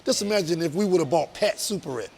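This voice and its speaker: High-voiced man, earnest and emphatic. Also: animated, quick pace, darkish tone. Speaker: business owner guest. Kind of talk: casual interview talk.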